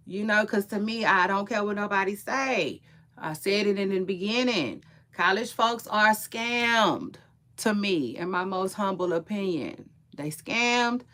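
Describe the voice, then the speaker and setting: A young woman with a bright, forceful voice chats straight to her viewers. She speaks AAVE and swings her pitch a lot, offering strong opinions in a loose, rambling way, restarting and repeating words as she goes. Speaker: gossip and entertainment commentator. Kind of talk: casual chat to viewers.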